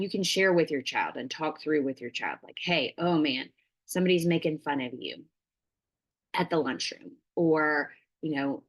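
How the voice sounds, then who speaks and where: A woman's voice: sits low, a bit bright. A woman giving a casual parenting workshop, chatty and full of fillers, acting out little dialogues.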